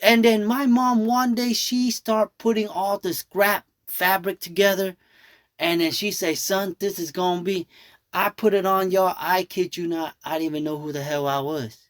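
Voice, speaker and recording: A man's voice: high voice, normal speed, dry recording. Chatty nail artist man, dry close sound. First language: Thai. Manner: chatty, animated, addresses viewers as y'all. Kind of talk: casual storytelling tutorial.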